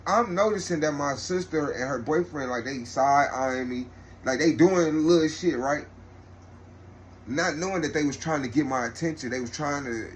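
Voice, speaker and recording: Casting: young man, slightly high voice, slangy rambling storyteller, faint ambient hiss. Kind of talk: casual storytime.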